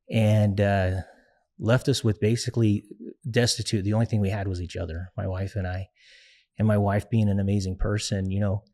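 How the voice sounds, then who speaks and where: A young man speaks as an interview guest in a lowish, steady voice. He talks in an earnest, reflective way, pausing often and filling gaps with fillers as he tells his story.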